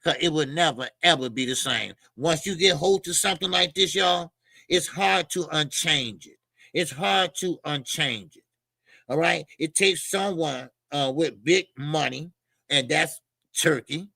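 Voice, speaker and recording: A high, gravelly man rants on a boxing livestream, heated and profane. His tense, cutting voice repeats itself for emphasis, and the close mic sounds dry. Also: unhurried, pushed and bright, dry recording, low-quality recording. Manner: heated, profane, repetitive ranting. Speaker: boxing show host. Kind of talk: ranting livestream commentary.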